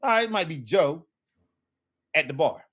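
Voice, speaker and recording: Lively man teaching a casual language lesson. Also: fairly high pitch, normal speed, slightly rough. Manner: lively, repeats "right?" often, acts out sample phrases. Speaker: Spanish teacher.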